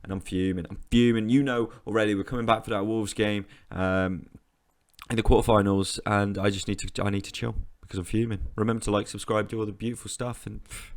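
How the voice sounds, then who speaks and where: A man with a low, gravelly voice narrates his football management game as he plays. His commentary is animated and exasperated, and he often repeats himself as he rants. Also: fairly quick. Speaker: gaming YouTuber.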